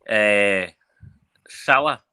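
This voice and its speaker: Male caller, low pitch, very bright tone, earnest delivery. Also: very slow, clean tone. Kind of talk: casual phone-in chat.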